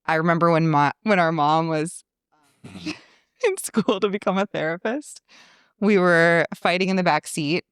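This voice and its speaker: A woman's voice: on the low side, unhurried, smooth, no echo, studio quality. A woman in her thirties hosting a casual podcast chat as a money coach, laughing often and talking playfully. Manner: chatty, laughs often, playful mock voices.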